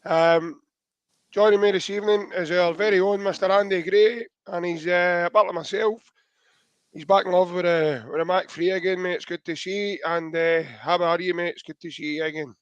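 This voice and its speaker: A Scottish man hosting a podcast in casual football chat, his voice hoarse and a bit rough. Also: high voice, steady tone, moderate pace, dry recording, lo-fi sound. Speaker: podcast host.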